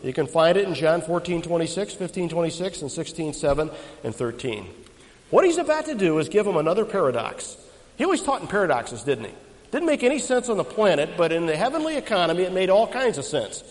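A man's voice: a little high, sing-song, brisk, in a large hall, rough recording. A man preaching an expository sermon to a congregation. He is emphatic, often quizzing them with questions.

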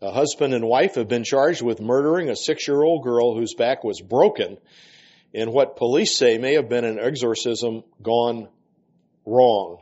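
A man's voice: medium pitch, a little slow, a little mellow, breathy edge. A man teaching a workshop for ministers, speaking earnestly with frequent fillers. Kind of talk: lecture with reading aloud. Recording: dull lo-fi recording.

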